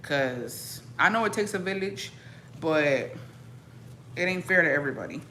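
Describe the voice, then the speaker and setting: A woman's voice: low voice, animated, measured pace, bright, forceful tone, a little hiss or hum. A young woman with a Mexican-American accent, switching into Spanish, chatting bluntly and profanely with her viewers. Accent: Mexican-American English with Spanish code-switching. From Mexican-American family. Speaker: streamer. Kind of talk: casual chat reacting to viewers.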